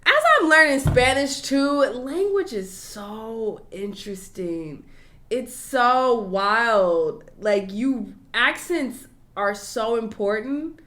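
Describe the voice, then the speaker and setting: A woman's voice: on the high side, lively intonation, slow pace, a bit bright. A woman talking casually and animatedly as she reacts to a clip, with a loose, swear-dotted delivery. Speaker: reaction video host.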